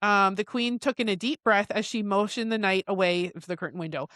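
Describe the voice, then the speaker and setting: Woman, book podcast host, reading passages aloud, stumbles and corrects herself, loud high reactions, dry close sound, middle pitch. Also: a little fast, no room sound. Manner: reads long quotes with stumbles and self-corrections.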